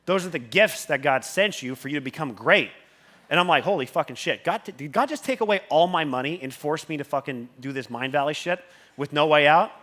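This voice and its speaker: A man giving a motivational talk on a conference stage. He swears constantly and keeps surging in volume when he gets excited. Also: a little high, a little fast. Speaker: conference speaker.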